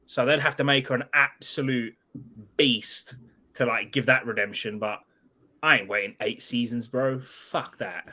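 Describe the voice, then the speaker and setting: A man hosting a live stream, chatting loudly with friends and swearing often. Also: mid-range voice, steady tone, measured pace. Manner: loud, swearing, laughing banter. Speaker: host. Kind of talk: casual live-stream chat.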